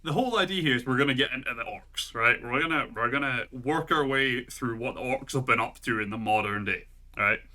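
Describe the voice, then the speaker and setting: A man's voice: mid-range voice, a little fast, hardly any pauses, sharp tone. A Scottish man co-hosting a podcast in casual chat, talking loosely with lots of fillers and frequent laughter. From Scotland. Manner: chatty, laughs often, heavy use of "like". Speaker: podcast co-host.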